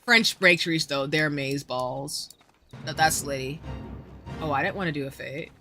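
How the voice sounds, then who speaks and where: A woman's voice: sits low, moderate pace, pushed and bright, soft background music. A woman streaming a game, chatting casually and answering her chat in slangy, chatty talk. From United States.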